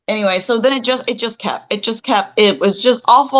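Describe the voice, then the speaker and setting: A woman's voice: medium pitch, brisk, poor audio. A woman in her forties, a podcast co-host, chatting casually and rambling, often acting out what others said. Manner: rambling, animated, acts out quoted voices. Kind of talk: casual chat.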